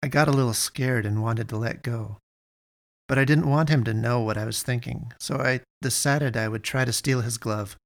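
A man narrating a first-person story, expressive, switching between narration and dialogue. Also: medium pitch, moderate pace, vocal fry.

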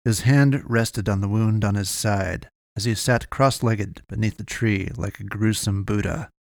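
A man narrating a dark fantasy story in a measured, deliberate reading. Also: fairly low pitch, gravelly, no room sound. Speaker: audiobook narrator. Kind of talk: scripted fiction narration.

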